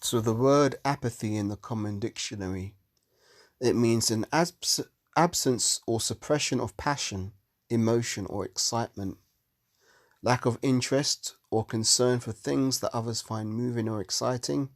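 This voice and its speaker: A man's voice: medium pitch, moderate pace, no room sound, studio quality. A man giving a heated, profane monologue on religion, sounding exasperated. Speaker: religious commentator.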